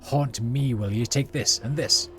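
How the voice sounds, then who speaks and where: A man's voice: fairly low pitch, normal speed, faint music behind, natural voice. A man putting on a muttering half-mad old seamstress woman. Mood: scolding. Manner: sing-song, talks to herself, cackling scolding.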